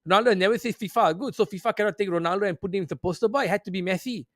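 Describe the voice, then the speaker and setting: A man's voice: sits high, very fast, no echo, studio quality. A man hosting a football talk show, ranting in a profane, sarcastic way. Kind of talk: heated casual commentary.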